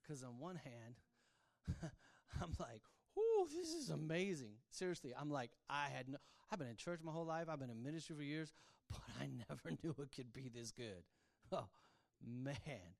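A man preaching a sermon, telling his own story, his voice swinging from hushed to loud. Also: medium pitch, moderate pace, gravelly. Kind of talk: sermon testimony.

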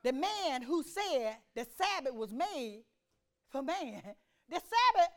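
Woman preacher, high and animated, calling and answering with her congregation. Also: unhurried. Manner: call-and-response preaching, swings from loud to hushed. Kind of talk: sermon. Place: church.

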